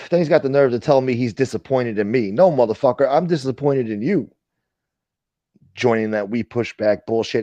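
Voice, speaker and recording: A man's voice: medium pitch, lively intonation, a little fast, mellow, no room sound, highs cut off. A man hosting a casual livestream chat, ranting with profanity and thanking viewers for donations. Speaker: livestream host.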